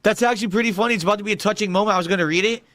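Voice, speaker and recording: A man's voice: high voice, rapid-fire, fairly bright tone, no room sound. A man streaming a game, reacting in a jokey, mock-dramatic, complaining way. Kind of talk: livestream reaction.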